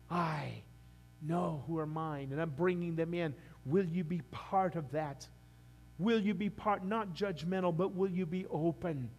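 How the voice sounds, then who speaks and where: A man preaching a sermon as pastor, rising to fervent peaks and dropping to a quiet appeal. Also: on the high side. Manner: impassioned preaching that rises and falls, then softens into a quiet altar call. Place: church sanctuary.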